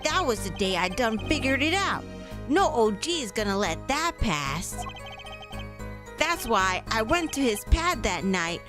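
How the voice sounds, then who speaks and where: A swaggering, slang-heavy young street gangster, as a woman puts him on with a high, bouncy voice. He talks tough and clumsy. Game music plays clearly behind him. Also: sing-song, measured pace. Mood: boastful. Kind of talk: reading game dialogue aloud.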